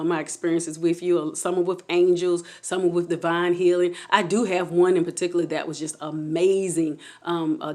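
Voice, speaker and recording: Excitable woman telling a faith story. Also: fairly low pitch. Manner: animated, excitable, talks straight to viewers; testimonial, faith-filled. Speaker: channel host telling a personal story. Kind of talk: emotional personal storytelling.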